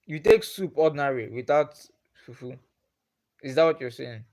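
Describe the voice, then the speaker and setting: A man's voice: fairly high pitch, animated, normal speed, a little mellow. Chatty Nigerian man on a live stream. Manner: chatty, repeats questions to viewers. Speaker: livestreamer. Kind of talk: live-stream chat with viewers.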